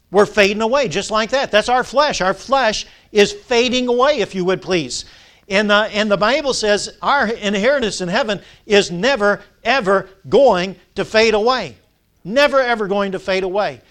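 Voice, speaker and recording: A man's voice: high-pitched, a bit bright. A male Baptist pastor, preaching a sermon, drawing out key words and prompting the congregation to answer. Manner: call-and-response with the congregation.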